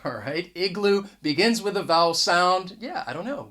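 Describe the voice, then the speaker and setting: In a conversational video lesson recorded on a camera mic, an English teacher frequently restarts words and stresses the main points. The mid-range voice is unhurried and a bit bright, with few pauses.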